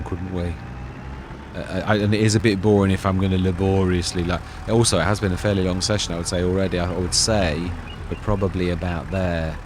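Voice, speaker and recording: A man hosting a farming game let's-play, chatting casually and thinking aloud as he plays. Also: low voice. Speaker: gaming channel host. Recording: clear background game noise.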